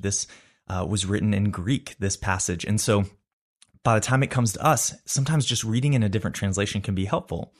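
A man hosting a devotional Bible study, talking in an earnest, reflective and conversational way. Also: lowish voice.

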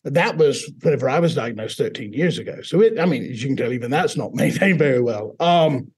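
A man from Mississippi, a teacher, telling his personal story in an interview in a relaxed, self-deprecating way. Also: medium pitch, a little fast, husky. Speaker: teacher and guest.

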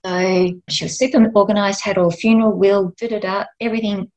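Aussie woman, gravelly voice, soft heartfelt storytelling on a podcast. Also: mid-range voice, fairly even intonation, fairly quick, rough recording. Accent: Australian. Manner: gentle, emotional, heartfelt. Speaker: end of life doula and nurse, guest.

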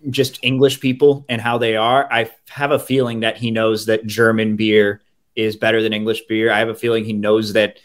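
A man's voice: fairly low pitch, level tone, normal speed. A man hosting a sports podcast, chatting in an enthusiastic, conversational way. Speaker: podcast host. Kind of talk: casual sports podcast chat.

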